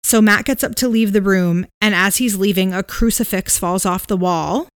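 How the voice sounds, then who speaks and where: Her medium-pitched voice is smooth and moves at a normal speed as she co-hosts a podcast, retelling a ghost story casually with "um"s, "like"s and hedges. The recording is dry, clean studio audio.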